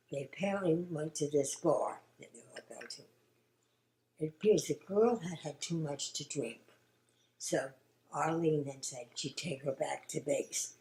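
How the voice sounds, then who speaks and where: An older woman with a low, mellow voice tells family memories in a halting, reflective way, often sinking into a near whisper. The recording carries a roomy echo. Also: slight background noise. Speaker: grandmother recalling family history. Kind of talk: oral history interview.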